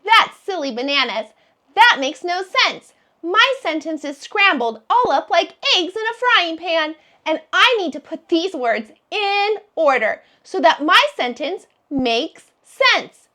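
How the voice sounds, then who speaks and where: A woman teaching a phonics lesson to preschoolers, sounding out letters slowly in a sing-song way. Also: very high-pitched, lively intonation, bright, forceful tone. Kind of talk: phonics lesson for young children.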